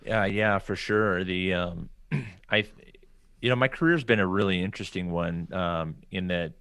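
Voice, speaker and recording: A podcast guest with a low, clear, resonant voice speaks a little slowly, with no echo. He casually shares stories from his career, animatedly acting out what other people said.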